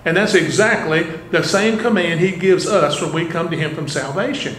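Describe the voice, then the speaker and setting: Male pastor, fairly high voice, earnest sermon delivery, roomy church echo. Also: normal speed, a bit bright, a little hiss or hum. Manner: asks the congregation rhetorical questions, earnest. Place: church sanctuary. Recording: echoey church room, faint ambience.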